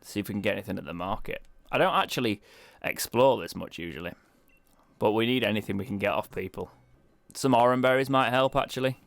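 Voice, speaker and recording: Talking fast in a fairly low, creaky voice with a fairly bright tone, a young British let's play streamer offers casual commentary on a video game. He's chatty and wry, poking fun at himself along the way, and the recording has no room sound.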